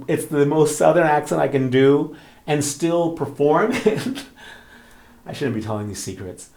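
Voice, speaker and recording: A man, a romance author and channel host, telling a story in casual chat with lots of fillers and acted-out quotes. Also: a little high. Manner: animated storytelling, frequent fillers, acts out quoted voices. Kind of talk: casual talking-head chat.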